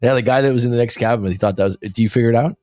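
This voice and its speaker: A man's voice: mid-range voice, rapid-fire, darkish tone, no room sound, clean studio sound. A man hosting a coaching show, chatting loosely on a livestream, joking and reading viewer comments aloud from a room abroad. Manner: rambling, jokey, reads chat aloud. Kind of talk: casual livestream chat. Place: room by street windows, abroad.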